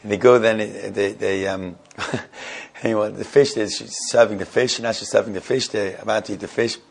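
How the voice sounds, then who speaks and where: Gravelly, husky man teaching casually. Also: on the low side, fairly even intonation. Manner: halting, conversational, laughs while telling stories. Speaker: Torah class teacher. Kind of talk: informal Torah class with storytelling.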